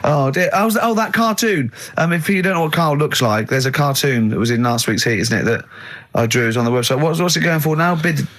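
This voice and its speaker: A man's voice: a little high, fairly quick, a bit bright. A man with an English accent hosting a radio show, teasing his co-hosts, laughing often, and telling anecdotes. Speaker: radio host. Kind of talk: casual radio banter. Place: radio studio.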